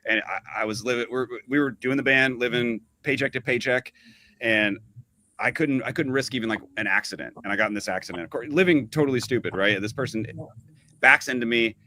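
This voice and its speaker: A musician guest in a casual podcast chat, telling stories in a halting way with many restarts. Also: male voice, mid-range voice, sharp tone, a little hiss or hum.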